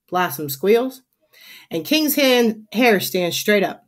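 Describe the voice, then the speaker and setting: A woman teacher reading a children's chapter book aloud for her class. Her storytelling is animated and expressive, in a mid-pitched voice. She leans into the lively moments of the story. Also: unhurried.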